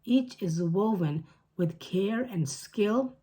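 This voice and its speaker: Squeaky fussy female spider, prim and pompous, storybook read-aloud, played by a woman, slightly husky. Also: lively intonation, slow, warm tone. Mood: indignant. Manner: indignant, proper and pompous.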